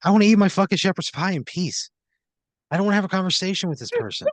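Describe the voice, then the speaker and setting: A man's voice: high voice, fast talker, no room sound. A man on a comedy podcast reacting with grumpy, exasperated, profane pushback. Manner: grumpy, exasperated, swears a lot. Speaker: podcast co-host. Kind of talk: comedic banter.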